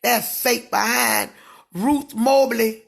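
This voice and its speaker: A middle-aged woman in a fiery live-stream rant with a preacher's cadence, swinging between shouting and dropping her voice low. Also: fairly even intonation, slow pace, vocal fry. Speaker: prophetess.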